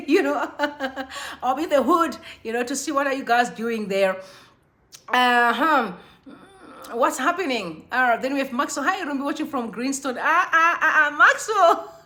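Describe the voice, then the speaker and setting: Young woman from Zimbabwe, live-stream host; high, bright voice, bubbly and chatty. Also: a little slow. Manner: bubbly, chatty, shouts out viewers by name. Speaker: livestream host. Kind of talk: casual live-stream chat greeting viewers. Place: Johannesburg.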